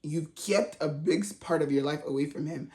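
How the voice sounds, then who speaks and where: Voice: mid-range voice, moderate pace, a little mellow. A reality TV recap vlogger talking in a casual, slangy, chatty way with frequent laughs. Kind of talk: casual commentary.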